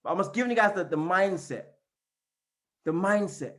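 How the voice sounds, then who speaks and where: A man giving an energetic motivational training on a call, repeating and chanting phrases as he coaches his team. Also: high voice, moderate pace. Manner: fired-up, repetitive, chanting phrases. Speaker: network marketing trainer. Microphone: call recording.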